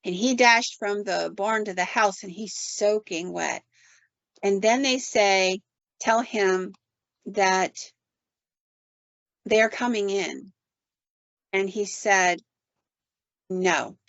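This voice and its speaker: A woman podcast host telling a story in an animated, conversational way, often quoting people with "like". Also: medium pitch, slow, gravelly, pauses often, no echo. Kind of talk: casual storytelling. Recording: dull, dry sound.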